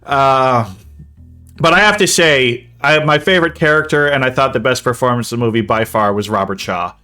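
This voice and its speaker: A man's voice: mid-range voice, moderate pace, sharp tone, smooth, faint music behind. Pun-loving male podcast host. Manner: rambling, pun-loving, laughs at his own jokes. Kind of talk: casual movie-review chat.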